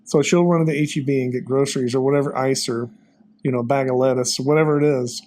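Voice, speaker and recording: A man's voice: medium pitch, fairly even intonation, quick pace, darkish tone. A man, a guest telling folksy, rambling stories in a casual conversation. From Texas. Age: 50s. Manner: rambling, folksy storytelling with many fillers. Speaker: interview guest.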